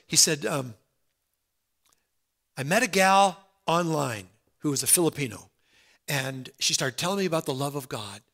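A man preaching a sermon in an earnest, conversational way, dropping soft and then rising loud. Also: medium pitch.

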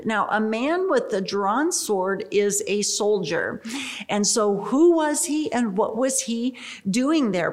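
A woman teaching a Bible study. She speaks in an expressive, emphatic way, with rising exclamations and casual asides to her listeners. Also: fairly high pitch.

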